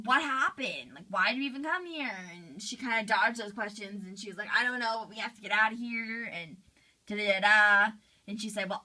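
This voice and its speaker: A woman's voice: medium pitch, sharp tone. A woman voicing a shaken teen girl recounting a scare. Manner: breathless retelling, lots of "like". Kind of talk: fan role-play interview.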